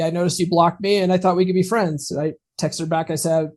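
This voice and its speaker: A man's voice: high-pitched, fairly even intonation, fast, darkish tone. A man co-hosting a podcast, telling a personal story in a chatty way and laughing at his own lines. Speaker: podcast co-host. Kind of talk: casual chat, personal story.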